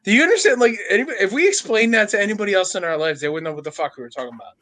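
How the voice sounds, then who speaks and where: A man's voice: sits high, expressive, rapid-fire, a bit bright. A young adult man co-hosting a podcast, telling crude, profane stories in casual banter and laughing often. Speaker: podcast co-host.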